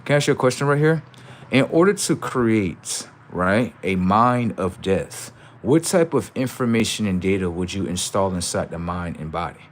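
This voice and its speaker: A man hosting a livestream, lecturing his chat in a preachy, repetitive, profane way with sudden loud outbursts. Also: on the low side, animated, normal speed, a little hiss or hum. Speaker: livestream host.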